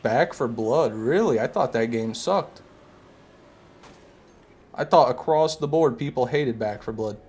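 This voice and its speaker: A man's voice: mid-range voice, lively intonation, unhurried, long pauses, darkish tone, husky. Chatty male game streamer. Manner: chatty, reads and answers chat, sarcastic jabs. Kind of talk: casual live-stream chat with viewers.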